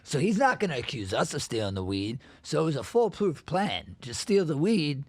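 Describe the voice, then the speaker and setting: A man's voice: a little high, sing-song, normal speed, slight background noise. A man co-hosting a podcast with his father, chiming in casually and swearing freely. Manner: laid-back, profane, chiming in. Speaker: podcast host, son.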